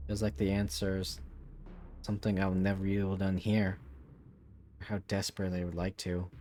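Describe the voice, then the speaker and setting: A man's voice: on the low side, darkish tone, slight background noise. A man streaming a game, making casual, wry, sometimes profane comments and reading the story text aloud with drama.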